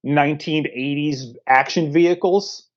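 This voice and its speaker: A man's voice: on the high side, measured pace. Man, podcast co-host, blunt and cussing, dull lo-fi recording. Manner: blunt, profane, enthusiastic. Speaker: podcast co-host, film reviewer. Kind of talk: casual chat.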